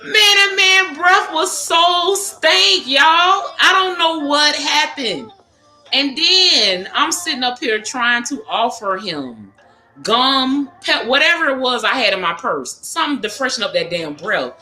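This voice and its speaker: A woman's voice: on the high side, very animated, unhurried, bright, forceful tone. A woman hosting a casual livestream chat with viewers, talking frankly with lots of cursing and laughter. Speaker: livestream host. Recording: echoey room with music behind.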